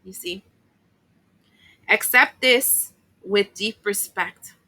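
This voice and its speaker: A woman with a bright, forceful voice talks through a tarot reading in a loose, chatty way. She fills her talk with fillers and asides and gets emotional along the way. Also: medium pitch, drawn-out words, rough recording. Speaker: tarot reader.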